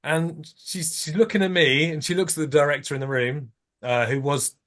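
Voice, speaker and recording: A man in his thirties tells a story as a podcast guest, acting out what he and others said. His voice sits a little high, with lively swings. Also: moderate pace. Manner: animated storyteller, acts out his own lines. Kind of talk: anecdote in casual chat.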